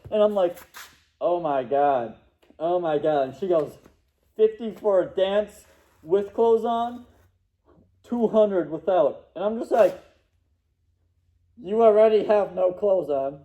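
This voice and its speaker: A man's voice: sits high, slow pace, long pauses, phone-quality sound. A young man casually telling a rambling story, laughing and acting out what people said. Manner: rambling, laughing, acts out quotes.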